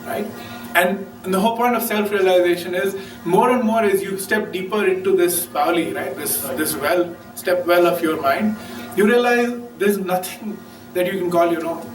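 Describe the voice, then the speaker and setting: A man gives a loose, conversational talk on meditation and keeps checking in with his listeners. His voice sits fairly high. It echoes through a roomy space from a distant mic, with faint music behind. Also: normal speed. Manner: casual, keeps asking "right?". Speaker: speaker.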